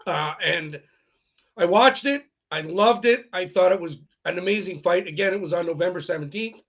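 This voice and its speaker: A man hosts a casual boxing talk show, talking in a high, gravelly voice. He rambles and keeps calling out to his viewers. The recording sounds dull and lo-fi. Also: moderate pace, a bit bright. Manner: chatty, rambling, addresses viewers as guys.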